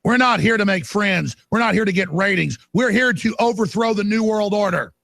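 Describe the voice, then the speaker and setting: A male talk radio host delivering a fiery, ranting monologue that climbs into shouts. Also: sits high, fairly quick, vocal fry, no room sound.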